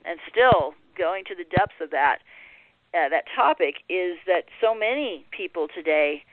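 A woman's voice: fairly low pitch, lively intonation, measured pace, dry recording. A woman guest, a healer and author, speaking earnestly and reflectively about self-worth, with frequent fillers. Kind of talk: spiritual interview talk. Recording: tinny phone line, dry.

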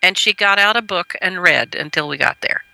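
A middle-aged woman with a very bright, clear voice shares a parenting story as a radio guest. She speaks earnestly and gently, and her voice rises when she quotes someone. The recording is close and dry, with no room sound. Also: fairly low pitch, animated, normal speed, no echo, poor audio.

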